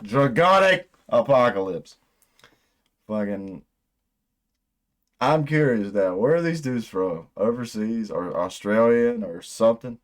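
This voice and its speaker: A man hosting a music reaction video, chatting casually in a rambling, excitable way and swearing often. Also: on the low side, unhurried.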